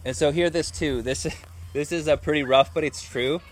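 A man's voice: a little high, fairly even intonation, moderate pace, slight background noise. A man preaching a sermon in a conversational way, often asking his listeners rhetorical questions.

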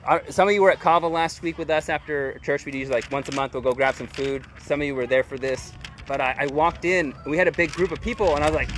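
A man's voice: on the high side, steady tone, fast, a bit bright, slight background noise. A man preaching a sermon in a loose, chatty way, full of "like" and "dude". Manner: informal and chatty, heavy use of "like" and "dude". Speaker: pastor. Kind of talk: casual conversational sermon.

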